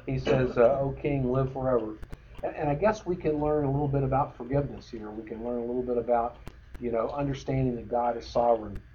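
A man's voice: mid-range voice, quick pace. Conversational man teaching a bible study. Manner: conversational, many fillers and restarts. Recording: dull lo-fi recording with faint noise.

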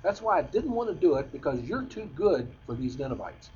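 Guy acting out a grumbly sulky prophet, voice pushed up higher, kinda lo-fi. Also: big pitch swings, fairly quick, warm tone, slight background noise. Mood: aggrieved. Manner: complaining, huffy.

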